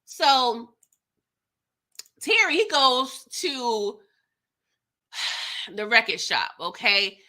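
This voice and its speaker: A woman hosting a live TV episode recap, talking in an animated, slangy, chatty way. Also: on the high side, drawn-out words, long pauses. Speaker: TV recap host.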